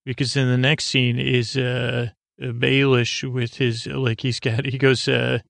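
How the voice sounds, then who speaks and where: A man hosts a casual podcast recap, retelling scenes in an offhand, meandering way full of fillers and false starts. His voice is gravelly and flat, with little rise and fall. The sound is dry and close. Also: medium pitch, measured pace, dry recording. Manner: rambling, hesitant, many fillers and restarts; paraphrases dialogue in a flat offhand way. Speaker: podcast host.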